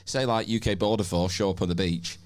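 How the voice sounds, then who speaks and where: A man's voice: low-pitched, steady tone, fairly quick, no room sound, clean studio sound. A man on an improvised comedy podcast, thinking aloud and checking in with the others. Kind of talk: casual improv chat.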